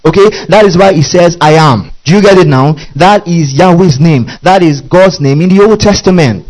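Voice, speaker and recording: Emphatic preacher, a man with a higher voice. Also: moderate pace, darkish tone, low-quality recording. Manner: repeats questions to the congregation, emphatic; interjects hallelujah and amen. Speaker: pastor. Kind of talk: sermon.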